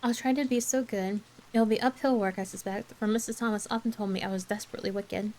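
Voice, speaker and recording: A woman voicing an eager, dreamy orphan girl who pleads and gushes, in a soft ASMR bedtime story reading. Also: mid-range voice, steady tone, quick pace, lightly acted, rough recording. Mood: gushing. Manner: breathless, pleading, gushing.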